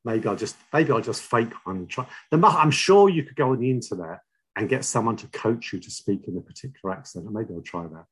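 A middle-aged man with a London accent telling his own recovery story, halting and repeating words, wry and confessional. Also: mid-range voice, breathy edge. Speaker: speaker sharing a recovery story. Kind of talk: personal testimony.

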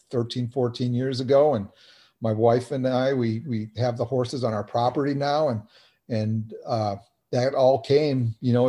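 Earnest, halting man with a mellow voice. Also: mid-range voice. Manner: halting, many fillers and restarts, earnest. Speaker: recovery meeting speaker. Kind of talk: personal sharing on a video call.

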